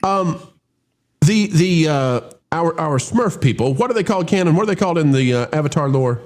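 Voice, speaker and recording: A man's voice: on the high side, animated, normal speed. A man hosting a casual movie review chat, opening with showman-style greetings and rambling with restarts. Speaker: host.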